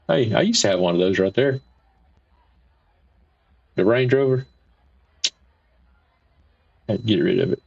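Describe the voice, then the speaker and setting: This livestream host's voice is on the low side, creaky and slightly rough. He rambles folksily through viewer comments, saying the same things more than once, and the stream sound is dull and lo-fi.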